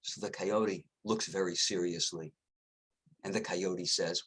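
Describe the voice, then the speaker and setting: A man, a rabbi, giving a short sermon as an expressive storyteller. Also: low voice, a little slow, husky.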